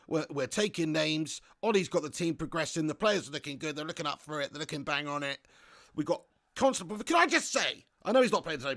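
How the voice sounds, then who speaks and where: A young man hosting a live football watch-along, reading viewer comments aloud and chatting excitably, laughing often and swearing casually. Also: high-pitched.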